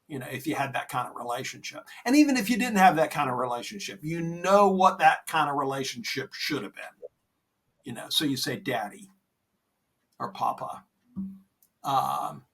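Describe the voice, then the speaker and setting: A man co-hosting a podcast, talking about faith in an earnest, gentle, reassuring way, often saying "you know". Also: a little high, distant mic. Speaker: podcast co-host. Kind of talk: conversational faith talk.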